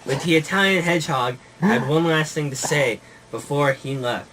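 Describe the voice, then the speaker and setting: A man's voice: on the high side, normal speed, a bit bright. A man narrating a made-up comic puppet story, rambling and breaking into giggles, on a noisy home recording. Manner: giggling, rambling, making it up as he goes.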